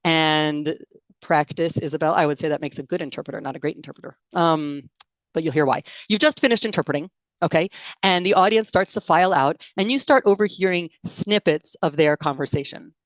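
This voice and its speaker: On a video call, a young woman with a low voice trains interpreters in a live webinar, talking briskly in a chatty, playful way while laughing at and reacting to chat comments. The sound from her computer mic is close and dry, with no echo.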